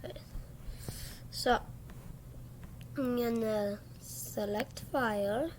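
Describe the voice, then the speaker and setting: Sleepy, slow-talking young woman vlogger. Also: a little high, a little hiss or hum. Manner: sleepy, yawning, giggly. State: just woken up. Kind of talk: casual vlog chat.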